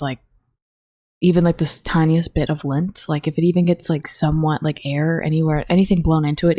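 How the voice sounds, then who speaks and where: A woman's voice: deep voice, a little mellow, dry recording. A young woman in college hosting a casual solo podcast, rambling with lots of fillers and swearing, recorded close on her own mic in a dorm room. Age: young adult. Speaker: podcast host.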